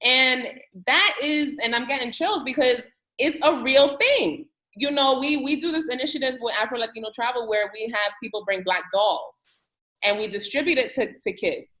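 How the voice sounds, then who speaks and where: A woman with a bright, forceful voice set a little high, chatting on a podcast roundtable. She is emphatic and slangy and laughs often. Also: moderate pace, low-quality recording. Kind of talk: casual roundtable chat.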